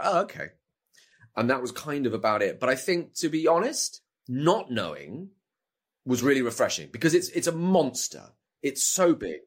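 A man's voice: medium pitch, husky. A middle-aged man with a British accent, chatting as an interview guest, rambling and often repeating words as he restarts thoughts. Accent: British English. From Britain. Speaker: actor guest. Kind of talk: casual interview chat.

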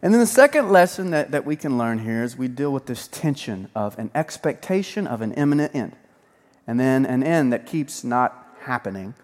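Pastor, man, sermon; playful, swings loud to hushed; reverberant church hall. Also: mid-range voice, normal speed. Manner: lively, joking, swings between loud and hushed.

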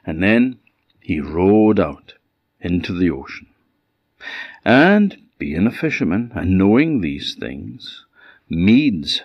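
A man with an Orkney Scottish accent telling a folk tale with animated delivery and dramatic pauses. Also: low-pitched, no room sound, highs cut off. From Orkney, Scotland. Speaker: storyteller.

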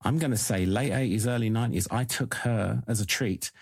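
Middle-aged guy, husky low voice, rambling fun anecdotes. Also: a little fast, dry recording, studio quality. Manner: chatty, anecdotal, laughs often. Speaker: guest, TV writer. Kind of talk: casual chat.

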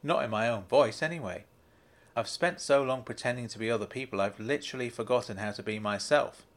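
A man voicing a calm older male con artist who explains things in a measured way. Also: medium pitch, lightly acted. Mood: confiding.

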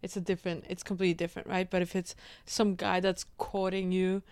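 Woman comedian guest, relaxed storyteller, smooth tone, dry mic. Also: lowish voice, fairly quick, dry recording. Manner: relaxed storytelling with frequent hedges. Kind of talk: casual chat.

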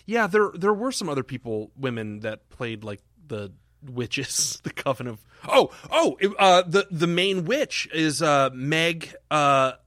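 A man co-hosting a horror film podcast, talking in a rambling, halting way with casual swearing. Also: fairly high pitch, lively intonation, a bit bright, no echo, clean studio sound. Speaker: podcast co-host.

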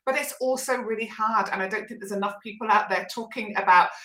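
A woman's bright, forward voice comes through a roomy, echoing recording. She talks as a guest in a candid, earnest way. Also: mid-range voice, fast. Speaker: guest, sobriety coach. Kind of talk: interview conversation. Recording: roomy echoey room sound.

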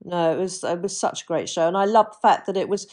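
A woman's voice: on the low side, fast talker, darkish tone. A woman hosting an interview, enthusiastic and agreeable. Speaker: host. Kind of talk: conversational interview.

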